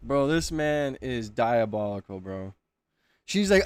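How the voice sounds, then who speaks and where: A man's voice: mid-range voice, sing-song, slow pace, clear, resonant tone, no room sound. A man giving casual live reaction commentary, laughing, swearing and talking in slang. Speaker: streamer reacting to videos.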